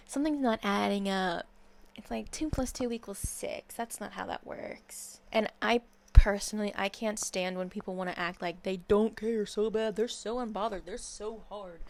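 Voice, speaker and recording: A woman's voice: mid-range voice, darkish tone. A young woman ranting in a blunt, sarcastic and profane commentary video. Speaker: commentary YouTuber. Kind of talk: casual commentary rant.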